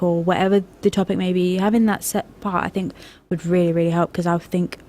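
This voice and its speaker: With a warm, lowish voice and a steady tone, a young woman talks fairly quickly and barely pauses while co-hosting a laid-back youth radio discussion. Into the studio microphone she rambles, hesitates, and laughs frequently.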